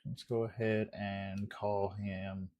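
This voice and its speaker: A man's voice: on the low side, little pitch movement, slow pace, a little mellow, dull audio. A man live streaming, thinking aloud in a hesitant, musing way, trailing off and laughing between remarks.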